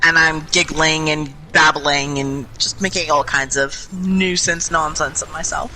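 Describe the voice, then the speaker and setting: A young adult woman casually telling a long, rambling story over game voice chat, chatty and animated, swearing freely. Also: low-pitched, unhurried, slight background noise, poor audio. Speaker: gaming group member. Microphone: headset or desk mic in online voice chat.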